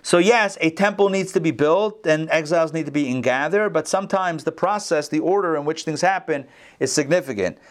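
A man teaching an online class, telling stories with lively acted-out voices over a video call. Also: fairly high pitch, a little fast. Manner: animated storyteller, acts out the characters. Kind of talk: casual lecture with storytelling.

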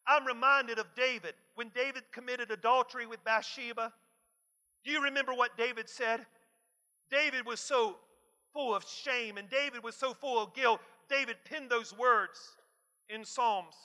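A man preaching a sermon emphatically, repeating key phrases and swinging from soft asides to shouts. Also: very high-pitched, steady tone, moderate pace. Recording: long hall reverb.

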